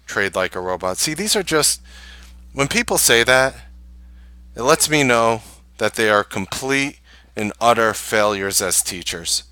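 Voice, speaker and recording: A man hosting a live trading stream, ranting casually to viewers in an animated, exasperated way and scoffing with short laughs. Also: mid-range voice, unhurried, clear, resonant tone, no room sound.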